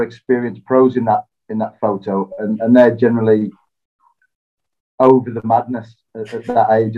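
A man telling stories as an interview guest, relaxed and self-deprecating, laughing often. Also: lowish voice. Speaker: interview guest, former footballer. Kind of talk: casual interview storytelling. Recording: slightly dull lo-fi sound.

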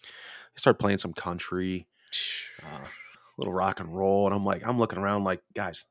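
A man's voice: sits low, steady tone, normal speed, gravelly, no room sound, clean studio sound. A man telling a rambling, profane story in casual podcast chat.

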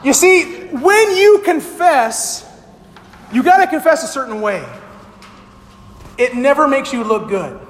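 A man's voice: extremely high pitch, expressive, slow pace, long pauses. A male pastor preaching a sermon, quizzing the congregation with yes-or-no questions and acting out the lines he quotes. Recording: long hall reverb, faint hiss.

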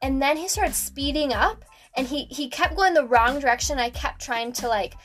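A woman's voice: high-pitched, normal speed, a bit bright, faint music behind. A young woman hosting a podcast, telling a story casually with lots of fillers. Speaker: podcast host.

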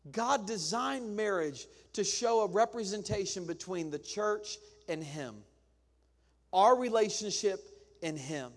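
A man preaching a sermon as pastor, in a chatty style, acting out quotes with humor. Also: sits high. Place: church sanctuary. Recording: long church reverb.

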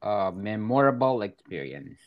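A man's voice: fairly low pitch, big pitch swings, measured pace, highs cut off. A man chatting casually and reacting briefly, with slightly uneven phrasing. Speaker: co-host. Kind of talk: casual chat.

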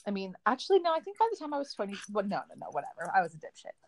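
A woman's voice: medium pitch, sing-song, racing, a crowd in the background. Casual self-deprecating woman in her twenties. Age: 20s. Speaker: podcast co-host. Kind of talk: casual recap chat.

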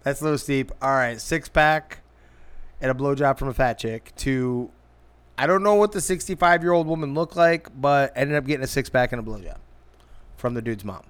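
A man in casual chat spins a long, crude anecdote, rambling and restarting as he goes. He laughs often and slips into quick impressions of the people he describes. His voice sits at an ordinary middle pitch. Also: smooth. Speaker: storyteller in group chat.

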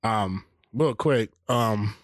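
A man's voice: fairly low pitch, very slow, dry recording, clean studio sound. A man co-hosting a casual podcast, quizzing his friend with teasing remarks and frequent laughter. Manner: teasing quizmaster, laughs often. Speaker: podcast co-host.

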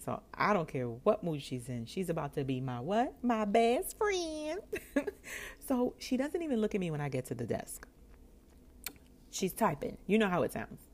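This is a woman with a low-set voice telling a personal story to the camera. Her pitch leaps up and down as she plays out each person's lines, and she laughs often as she goes. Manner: expressive, acts out quoted voices, laughs often. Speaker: storyteller vlogger.

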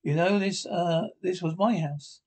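A man reading the lines of a wary, guarded man who has come back to his old house, in an even scripted tone. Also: high-pitched, a little slow.

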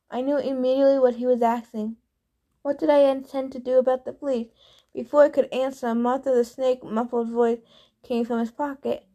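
A woman reads a novel aloud in the first person. Her voice is high, and her reading is plain, with small stumbles now and then. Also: steady tone, fairly quick, dark tone. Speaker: reader. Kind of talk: audiobook narration of a novel.

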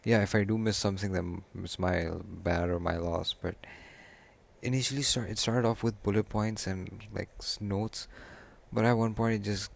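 Low, gravelly young man rambling. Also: fairly even intonation, normal speed. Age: young adult. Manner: rambling, self-correcting. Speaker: podcast host. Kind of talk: casual solo podcast talk.

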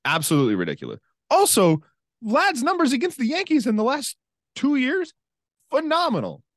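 A man co-hosting a sports podcast, talking in a casual, animated way with quick asides and frequent laughter. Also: very high voice, dry recording, clean studio sound. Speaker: podcast co-host.

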